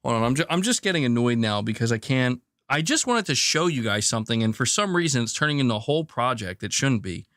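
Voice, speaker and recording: A man's voice: mid-range voice, very animated, quick pace, few pauses, fairly bright tone, no room sound, studio quality. A man hosting a gaming news show in casual chat, rambling, exasperated and jokey.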